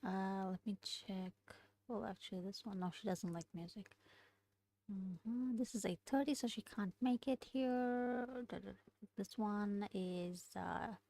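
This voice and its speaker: A woman studying a language aloud, thinking out loud, hesitating and correcting herself as she works through exercises. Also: mid-range voice, no room sound. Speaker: language learner streaming study session. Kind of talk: casual study-along lesson.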